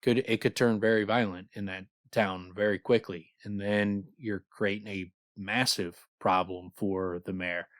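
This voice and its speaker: A man's voice: on the low side, fairly even intonation, unhurried, hardly any pauses, a bit bright, no echo, clean studio sound. A man co-hosting a podcast, chatting casually about a book, rambling and swearing freely and reading passages aloud. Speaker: podcast co-host.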